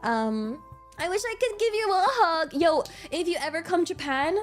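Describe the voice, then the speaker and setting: A young woman from England with an English accent, chatting casually on a livestream in a bubbly, excitable and giggly way. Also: very high-pitched, normal speed, soft background music. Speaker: streamer.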